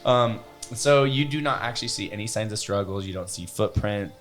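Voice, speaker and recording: Deep-voiced man running a tabletop game. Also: music in the background. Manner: relaxed, halting narration with many fillers. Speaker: dungeon master.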